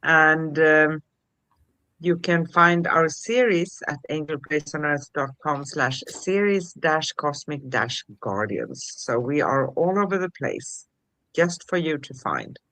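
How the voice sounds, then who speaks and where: A woman co-hosting a spiritual livestream, talking gently and reading affirmations in a soothing way. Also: low voice, animated, takes it slowly, no echo, rough recording. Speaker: co-host.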